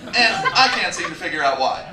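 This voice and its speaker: A young man with a high voice tells a crude, rambling stand-up story, padded with fillers. He sounds distant, caught in an echoey club with noise around him. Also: sing-song, fairly quick. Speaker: stand-up comedian. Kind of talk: stand-up comedy set. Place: comedy club stage. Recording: echoey room recorded from afar, noisy.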